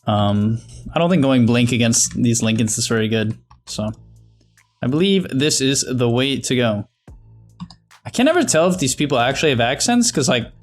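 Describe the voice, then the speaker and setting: A man commentating his own match in a casual, thinking-aloud way, critiquing his plays with restarts and quick laughs. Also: medium pitch. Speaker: gameplay commentator.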